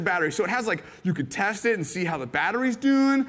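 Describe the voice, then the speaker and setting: A man preaching a sermon, animated and playful, acting out little scenes and jumping into excited voices for the people in his stories. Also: quick pace, few pauses, in a large hall. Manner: animated, jumps into high excited voices when quoting. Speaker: pastor. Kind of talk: sermon with acted-out illustrations.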